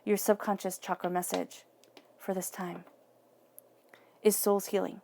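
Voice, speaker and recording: Encouraging woman reading tarot, creaky voice. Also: mid-range voice, level tone, unhurried, darkish tone, a little hiss or hum. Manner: earnest, encouraging, repeats phrases for emphasis. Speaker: tarot reader.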